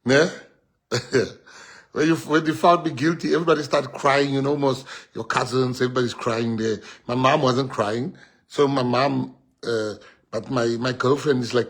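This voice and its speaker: A husky-voiced South African man addresses his supporters as their party leader, his pitch sitting in an ordinary middle range. He delivers an impassioned rally speech that swings between loud, animated exhortation and quiet, confiding storytelling. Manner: animated, switches between shouting and hushed storytelling.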